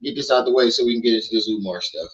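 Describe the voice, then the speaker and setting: A man's voice: medium pitch, racing, highs cut off. A man hosting a casual livestream, joking and swearing as he talks to his chat. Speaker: livestream host. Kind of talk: casual commentary stream. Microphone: streaming mic.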